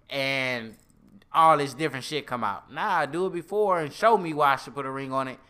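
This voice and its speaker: A man's voice: medium pitch, a little fast, bright, forceful tone, clean tone. A man in his thirties in casual podcast chat, talking bluntly and with swearing. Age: 30s. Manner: blunt, profane, emphatic. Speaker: podcast co-host.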